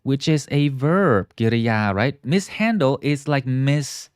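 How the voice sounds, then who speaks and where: A man teaching English in a live online lesson, explaining words slowly, stretching key terms and often checking in with viewers. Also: medium pitch, lively intonation, a little mellow, clear, resonant tone, no room sound, clean studio sound. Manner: models pronunciation and asks viewers to repeat.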